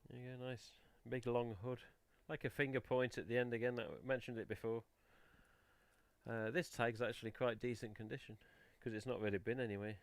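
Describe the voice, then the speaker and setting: A man's voice: medium pitch, fairly even intonation, fairly quick, clean tone, no echo. A man with an English accent hosting a casual live stream, chatting and mildly swearing while he rummages through boxes on a headset mic. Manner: chatty, mild swearing, talks while handling items. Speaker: host of a collectors' live stream.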